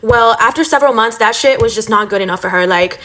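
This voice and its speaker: A woman's voice: on the high side, quick pace, sharp tone, a little hiss or hum. A young woman telling a casual storytime rant, blunt and profane, full of fillers like "like" and "you know". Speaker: storytime vlogger.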